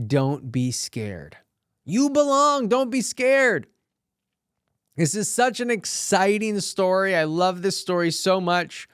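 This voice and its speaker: A man hosting a solo podcast for actors, telling his own on-set stories in a lively, animated way with many fillers and restarts. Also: on the high side, clear, resonant tone, dry recording, studio quality. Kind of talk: motivational solo podcast talk.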